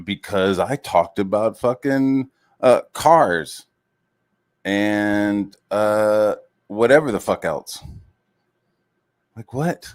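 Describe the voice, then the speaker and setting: Low-voiced man ranting and swearing. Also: slow pace. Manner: heated, swears constantly, full of fillers; mocks others in raised voices. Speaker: streamer. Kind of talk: profane rant.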